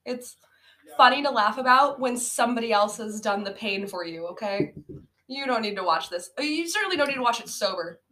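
A woman co-hosting a casual podcast, retelling a bad movie with frequent laughter and animated acted-out quotes. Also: fairly quick. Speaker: podcast co-host. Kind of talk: casual movie-roast chat. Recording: low-quality amateur audio.

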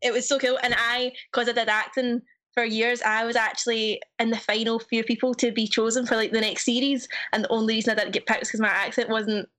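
A young woman with a Scottish accent, talking as a podcast guest. Her voice sits a little high, and she tells stories in a chatty, self-mocking way. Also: level tone, fairly quick, a bit bright. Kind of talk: casual chat.

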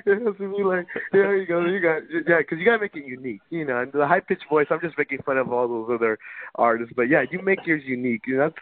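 A man's voice: a little high, quick pace, no room sound. A man as a podcast guest, chatting in a laid-back, joking, agreeable way. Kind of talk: casual podcast banter. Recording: dry tinny phone-like sound.

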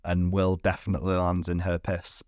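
Brief: male podcast co-host, lowish voice, dry close sound, animated and profane film recap. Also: normal speed, no echo. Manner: animated, swearing, puts on voices for film characters. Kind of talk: casual film recap chat.

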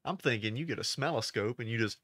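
A young man co-hosting a casual podcast, relaxed and joking, with lots of filler phrases. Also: medium pitch, fast, background noise. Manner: laid-back, joking, lots of "you know". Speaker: podcast co-host. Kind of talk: casual chat.

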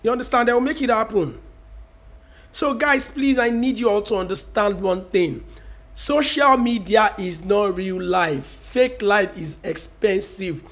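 A man's voice: high voice, measured pace, fairly bright tone. A man in his thirties with a Nigerian Yoruba accent, vlogging an emphatic, preachy rant and mixing in Yoruba phrases. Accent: Nigerian, Yoruba-speaking. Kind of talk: casual opinion rant to camera.

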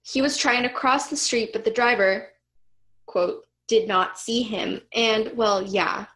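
A woman's voice: on the high side, a little slow, a bit bright. A young woman reading a story aloud as a comedy co-host, sarcastic and amused as she comments on it.

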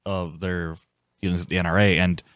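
A man co-hosting a movie podcast, excitedly retelling scenes in casual chat. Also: low-pitched, a little fast, clean tone, no echo, studio quality. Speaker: podcast co-host.

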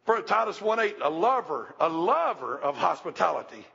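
A man's voice: sits high, big pitch swings, moderate pace, vocal fry, fairly bright tone, slightly rough. A man preaching a folksy, storytelling sermon as pastor, talking conversationally with restarts and asides, in a dull, echoey hall.

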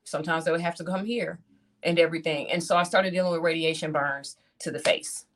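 Animated woman telling her story. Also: on the low side, brisk. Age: 30s. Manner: animated storytelling, acts out her own reactions; talks straight to the audience, calls them "y'all". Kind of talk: personal testimony talk.

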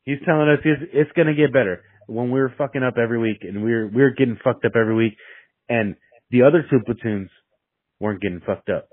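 A young man with a medium-pitched voice tells a story quickly and casually, swearing heavily, rambling, and restarting his sentences. The recording is dry and tinny, like a phone.

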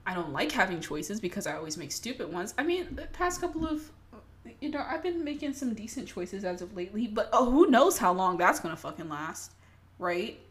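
A woman's voice: mid-range voice, big pitch swings, brisk. A young adult woman ranting casually to her audience, swearing freely and self-mocking with dramatic flair. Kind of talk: casual rant to camera.

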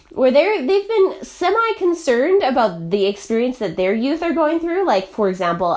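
A young adult woman talking casually about her own life, chatty and full of fillers, often checking in with "right?". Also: fairly high pitch. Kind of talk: casual personal monologue.

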